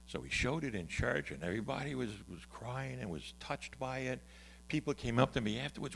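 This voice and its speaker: Gravelly, animated preacher man. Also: on the low side, moderate pace, slight background noise. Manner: animated, conversational, swings from loud to hushed. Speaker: pastor. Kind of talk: storytelling sermon.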